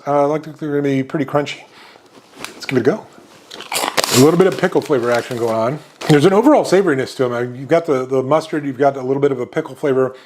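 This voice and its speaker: A man hosts a snack review show, tasting chips and describing them with upbeat enthusiasm and frequent fillers. His voice is on the high side, and the background is noisy.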